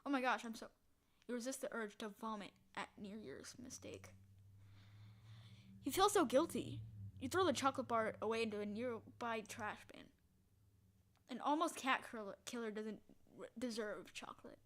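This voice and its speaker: A woman playing a text adventure, reading the story aloud in a hushed voice and breaking into loud, excited reactions. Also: fairly high pitch, moderate pace, long pauses. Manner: reads narration quietly, bursts into loud excited reactions. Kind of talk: casual let's-play narration.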